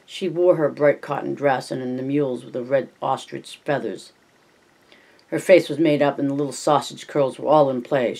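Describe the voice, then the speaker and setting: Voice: mid-range voice, a little mellow. A reader reading a novel aloud in plain narration, now and then adding spoken asides.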